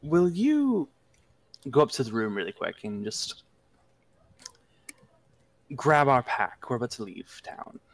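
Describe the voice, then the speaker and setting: A man narrates a tabletop game as game master. He takes his time and lets the words land one by one. The sound is dry and close, with mid-range pitch. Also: huge pitch swings, dry recording. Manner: slow, deliberate, reflective narration.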